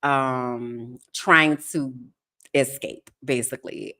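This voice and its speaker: Low-pitched woman host; frank, lively storyteller on a casual call-in podcast. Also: a little slow. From United States. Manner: candid, animated storytelling with sudden laughs.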